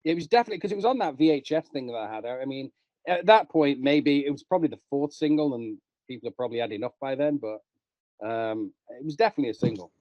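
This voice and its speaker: A man's voice: medium pitch, expressive, fast, dry recording, dull audio. A man from England co-hosting a music podcast, defending his opinions with laughs and restarts. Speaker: podcast co-host. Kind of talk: casual chat.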